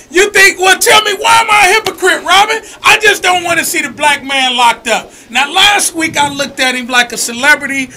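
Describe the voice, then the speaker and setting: High, gravelly, animated radio host man. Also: normal speed, a little hiss or hum. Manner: animated, emphatic storytelling, bursts of shouting. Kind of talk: casual call-in chat.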